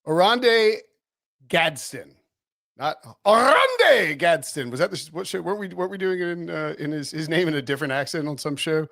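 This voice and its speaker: A man giving casual sports betting picks, rambling and animated with laughing asides. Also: fairly high pitch, rapid-fire, vocal fry, hardly any pauses, dry recording, studio quality. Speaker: NFL betting analyst.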